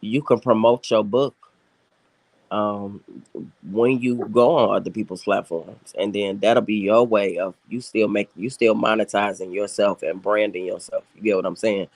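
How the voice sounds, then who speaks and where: A man in a casual group chat, giving steady advice with frequent ums. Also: lowish voice, normal speed, no echo. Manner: advising, steady, filler-heavy.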